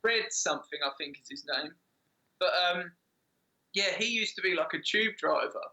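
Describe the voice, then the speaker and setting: A man, a band member chatting casually and telling a story quickly. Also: high-pitched, pushed and bright. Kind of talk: casual chat.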